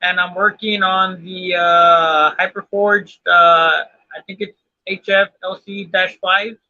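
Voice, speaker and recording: A man's voice: high-pitched, level tone, slow, bright, forceful tone. A man from Texas talking as a guest in a casual live video chat, rambling with lots of fillers. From Texas, USA. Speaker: guest modeller. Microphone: video call. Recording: dull lo-fi video call.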